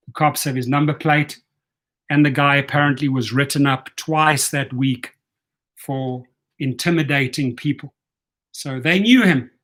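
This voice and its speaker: A man's voice: fairly high pitch, a bit bright. A man telling a story in a casual vlog, blunt, profane and fired up. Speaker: rideshare vlogger.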